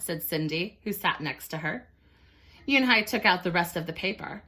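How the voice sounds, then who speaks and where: A woman teacher reading a picture book aloud to children, expressive and pausing to ask questions. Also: mid-range voice. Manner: expressive, explains and asks questions.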